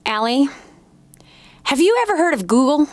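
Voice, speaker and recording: A high-pitched, middle-aged woman hosts an advice show, speaking bluntly with a teasing edge. Her voice is close and dry, with no room sound around it. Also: big pitch swings, moderate pace, dry recording. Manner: blunt, teasing, storytelling with acted quotes. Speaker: show host giving advice.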